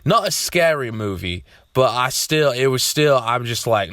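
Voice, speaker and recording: A young man talking to camera in a loose, rambling way, swearing freely and breaking into loud outbursts. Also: medium pitch, very animated, measured pace, no room sound, clean studio sound. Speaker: vlogger. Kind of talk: casual rambling monologue.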